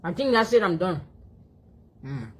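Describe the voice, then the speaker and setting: Lady vlogging into her phone at home, deep low voice, chatty, mm-ing as she eats. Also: sing-song, unhurried, breathy edge. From Africa. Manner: chatty, talks to her dog between mouthfuls, frequent chewing hums. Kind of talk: casual eating vlog chat.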